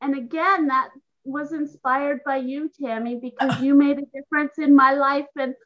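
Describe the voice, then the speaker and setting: A woman hosts a faith podcast with a high, light voice. She sounds a little nervous and hesitant as she thanks her guest. The audio is dull and lo-fi. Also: fairly even intonation, normal speed. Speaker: podcast host. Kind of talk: casual interview chat.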